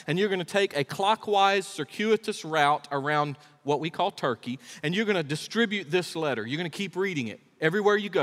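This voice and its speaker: Emphatic preacher in an echoing hall. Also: male voice, fairly high pitch. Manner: emphatic, rhetorical questions, shifts loud and soft. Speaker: pastor. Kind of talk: sermon. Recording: long echo of a big hall.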